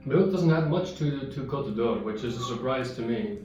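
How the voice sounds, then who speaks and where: Man, casual food-review chat, rambling, far from the mic, soft guitar music behind. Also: mid-range voice, heavy reverb, highs cut off. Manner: chatty, rambling, talks while chewing. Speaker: vlogger tasting chocolate.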